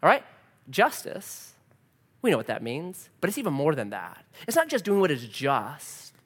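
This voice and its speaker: Male pastor, lively sermon storyteller, swooping pitch, long hall reverb. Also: normal speed, slightly rough. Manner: animated, conversational, self-deprecating humor.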